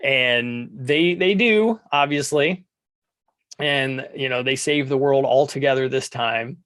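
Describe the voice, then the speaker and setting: A man co-hosting a podcast, casually recapping a movie and jumping higher when he quotes the characters. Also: takes it slowly. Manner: animated storytelling, jumps higher to quote characters. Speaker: podcast co-host.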